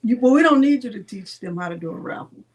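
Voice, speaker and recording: A woman's voice: fairly high pitch, lively intonation, fast, husky. A woman hosting a live crafting tutorial, chatting casually and teasing with frequent laughter. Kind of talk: casual live-stream chat.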